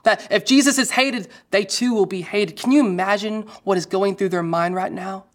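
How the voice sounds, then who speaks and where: A woman preaching a sermon in a mid-pitched voice. She tells the story animatedly and acts out the crowd's lines. She turns to the listeners with direct questions. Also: moderate pace. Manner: lively storytelling with quoted voices.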